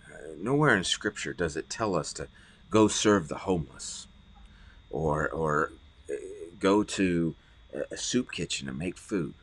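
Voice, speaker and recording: Earnest lively male pastor, husky low voice. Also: unhurried. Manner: earnest, repeats words when stressing points. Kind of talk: podcast sermon.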